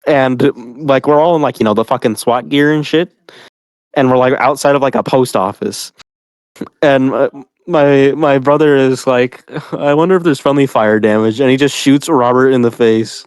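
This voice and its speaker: A man's voice: medium pitch, moderate pace, clean tone, dry recording. A man chatting casually on a podcast, rambling with lots of fillers and frequent laughs. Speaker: podcast host. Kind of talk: casual chat.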